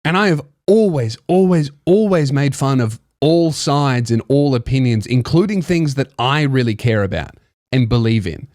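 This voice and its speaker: A man's voice: medium pitch, expressive, normal speed, a little mellow, no room sound. A young man hosting a podcast, ranting in a sarcastic, mocking, profane comedic monologue into a close mic. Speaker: podcast host.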